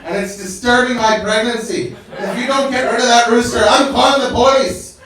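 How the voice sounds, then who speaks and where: A man voicing a furious pregnant Irish woman neighbor with an Irish accent, screaming threats in a high, loud voice. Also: steady tone, moderate pace, lightly acted. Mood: screaming angry. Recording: echoey room, distant mic, crowd laughter.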